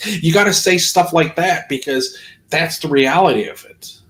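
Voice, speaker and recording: A man's voice: on the high side, measured pace, fairly bright tone, low-quality recording. A man streaming a casual talk, ranting bluntly with plenty of swearing. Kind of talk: casual chat.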